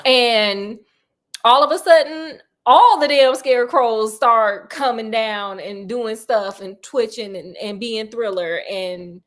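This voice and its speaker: A woman retells a spooky novel in a loose, joking way, slipping in slang and asides to her listener. Her voice sits a little high for a woman, and she talks like she is chatting with a friend. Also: slow pace, fairly bright tone. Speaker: storyteller. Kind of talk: casual retelling of a horror novel.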